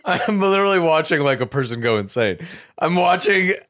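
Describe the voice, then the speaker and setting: A man co-hosting a comedy podcast, tossing in quick reactions. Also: a little high, lively intonation, a bit bright. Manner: quick reactive remarks, laughing. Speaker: podcast co-host. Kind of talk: casual comedy chat.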